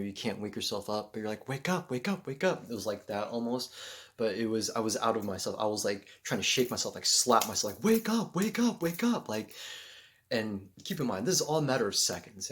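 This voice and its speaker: A man telling a personal story in a casual, rambling way, full of fillers and loud acted-out exclamations. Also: on the low side. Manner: acts out moments with loud shouted exclamations.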